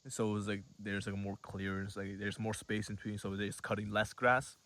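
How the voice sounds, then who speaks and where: A man's voice: fairly low pitch, little pitch movement, brisk, a bit bright, dry recording. An 18-year-old man telling a rambling, casual story to camera, full of fillers and swearing. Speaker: vlogger.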